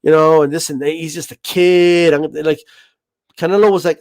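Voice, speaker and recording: A man's voice: a little high, expressive, a little fast, no echo. A man hosting a boxing livestream, rambling and swearing in a casual rant, always asking if you know what he means.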